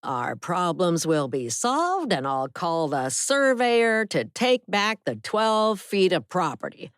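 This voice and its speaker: A woman narrating an audiobook in a measured, deliberate scripted read. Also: fairly low pitch, sing-song, smooth, no echo, studio quality.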